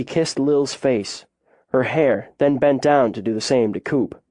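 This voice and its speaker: Guy reading a suspense audiobook, slow and steady, mid pitch, dry close mic. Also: dry recording. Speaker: audiobook narrator. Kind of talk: scripted audiobook narration.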